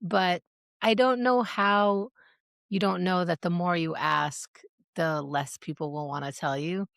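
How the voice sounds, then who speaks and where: A woman co-hosting a podcast in casual chat, animated and self-mocking, laughing often. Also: lowish voice, unhurried, creaky, no room sound, studio quality. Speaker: podcast co-host.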